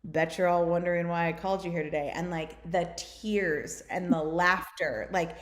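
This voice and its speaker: Casual chatty american woman telling stories, lots of "like"s, low-ish voice, roomy sound. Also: steady tone. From United States. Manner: fast, filler-heavy storytelling with many "like"s. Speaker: guest. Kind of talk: casual podcast conversation. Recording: roomy echo.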